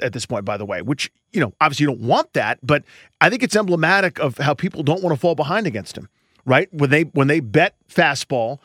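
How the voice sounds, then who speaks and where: A man's voice: fairly high pitch, a bit bright, no echo, studio quality. A man co-hosting a baseball podcast, talking through his views in a thoughtful, rambling way. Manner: thoughtful, rambling analysis with restarts. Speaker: podcast co-host. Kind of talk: casual sports talk.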